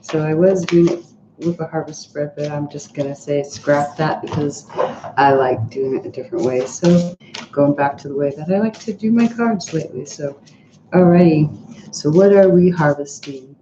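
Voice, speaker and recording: A woman's voice: low voice, moderate pace. A woman giving a casual, chatty tarot reading, rambling with many restarts and fillers. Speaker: tarot reader. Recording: roomy, dull sound with faint noise.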